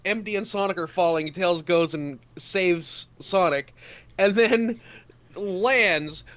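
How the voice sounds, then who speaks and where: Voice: mid-range voice, slow, a bit bright. A podcast co-host talking eagerly in casual chat, stammering a little. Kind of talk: casual discussion.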